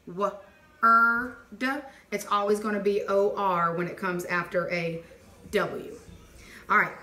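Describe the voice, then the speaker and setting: A woman teacher leading a phonics dictation lesson, clearly sounding out letters and words and praising answers. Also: medium pitch, steady tone, a little slow, a bit bright. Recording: echoey room with faint noise.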